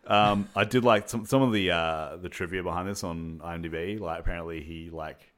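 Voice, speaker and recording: A man's voice: low voice, brisk. A man co-hosting a podcast, chatting casually about a film in a rambling way with lots of fillers and frequent laughter. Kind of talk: casual film review chat.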